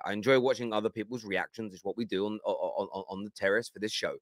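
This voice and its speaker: A man's voice: lowish voice, fairly even intonation, fast, no echo, clean studio sound. A man hosting a football reaction show, amused and laughing often as he comments on clips. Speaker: host.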